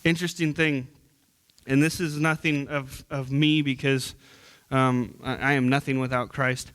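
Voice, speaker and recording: A man's voice: medium pitch, level tone, a little slow, a bit bright, clean tone. A young man preaching as a youth minister in church, earnest and conversational, often repeating words and restarting sentences. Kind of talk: sermon.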